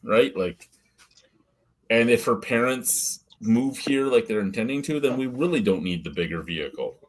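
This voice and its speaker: This middle-aged man from the Ottawa Valley in Canada has a mid-range, expressive voice and speaks at a moderate pace. As a podcast host, he keeps a live-stream chat casual, spinning blunt and profane stories punctuated by frequent laughter.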